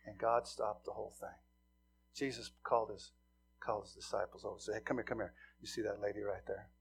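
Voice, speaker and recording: A middle-aged man from Montana preaching a sermon, telling stories with swings from hushed asides to loud emphasis. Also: lowish voice, brisk, vocal fry, breathy edge. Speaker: pastor.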